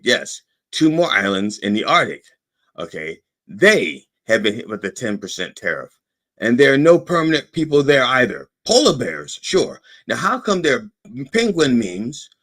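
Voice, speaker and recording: A low-voiced man with a swooping, animated delivery rants through a satirical monologue. He is sarcastic and profane, and he keeps checking in with a pointed "okay?". It sounds like a podcast host holding forth on his own show.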